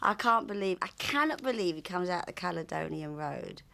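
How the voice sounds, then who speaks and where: A woman with a husky voice reminiscing fondly and with amusement in an interview. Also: lowish voice, expressive, brisk, bright, forceful tone.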